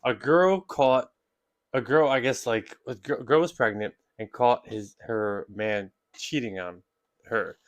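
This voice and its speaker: A man's voice: medium pitch, slow pace, no room sound. A young man co-hosting a podcast, chatting casually, laughing often and retelling stories with acted-out quotes. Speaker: podcast co-host. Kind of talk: casual chat.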